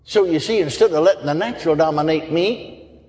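A man's voice: fairly high pitch, fairly quick, darkish tone. A man preaching a sermon, telling folksy stories, chuckling often and asking the crowd for amens. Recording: long hall reverb.

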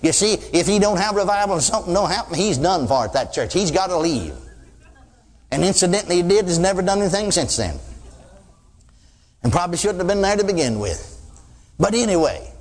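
An older man delivers a sermon in a folksy storytelling way, his voice high-pitched and swinging widely up and down. He now and then shouts out mimicked prayers. The recording rings with long reverb from a church hall. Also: lively intonation, brisk, pauses often. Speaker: preacher.

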